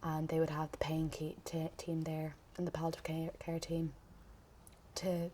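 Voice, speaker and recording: A young Irish woman giving a documentary interview, recounting events in a measured, steady way. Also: low voice.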